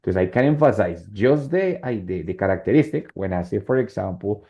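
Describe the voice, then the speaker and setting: A man's voice: on the low side, lively intonation, normal speed, hardly any pauses. Man teaching English grammar. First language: Spanish. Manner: switches between English and Spanish, checks in with students often. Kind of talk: online class explaining grammar. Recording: slightly dull lo-fi sound.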